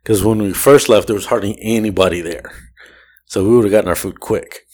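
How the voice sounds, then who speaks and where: A man with a fairly low-pitched voice tells a rambling story on a casual podcast. He swears freely, laughs between lines and jumps into quick impressions of the people he ran into. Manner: animated, profane, laughs often, mimics people in his story. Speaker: podcast host.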